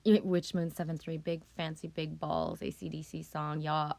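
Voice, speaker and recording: A woman's voice: low voice, flat delivery, moderate pace, gravelly, a little mellow, no echo. Profane, rambling woman live streamer. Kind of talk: casual live stream chat.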